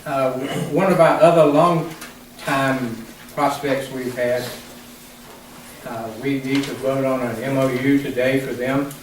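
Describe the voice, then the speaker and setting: A man calmly laying out business prospects and deals in a formal meeting, explaining each item step by step. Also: medium pitch, slow pace. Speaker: development staff presenting prospects. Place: large meeting room. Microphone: distant room mic. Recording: echoey room from far off, faint noise.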